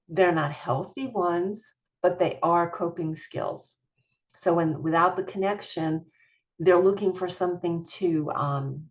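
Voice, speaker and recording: A woman's voice: on the low side, dull audio. A middle-aged woman, a parent coach, giving an online masterclass in an earnest, encouraging, chatty way with small laughs.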